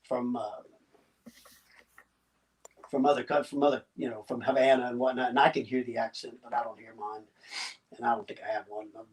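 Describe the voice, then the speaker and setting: A Cuban-born man in his sixties with a slight Southern US accent, telling his story as a guest in a casual interview, halting and chuckling as he goes. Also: medium pitch. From Cuba. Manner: halting, chuckling, many restarts. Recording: distant mic.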